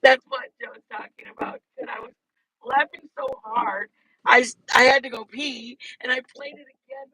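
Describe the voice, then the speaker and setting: A woman's voice: high-pitched, very animated, normal speed, creaky, pushed and bright, husky, dry recording, low-quality recording. A woman hosting a casual livestream chat, gushing and rambling between bursts of laughter, speaking into wireless earbuds. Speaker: channel host.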